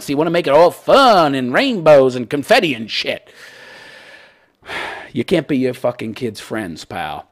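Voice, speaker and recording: Gravelly man ranting with swinging pitch. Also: fairly bright tone. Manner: profane and sarcastic, repeats "wait, wait". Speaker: host of a call-in commentary show. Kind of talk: ranting commentary on a listener's letter.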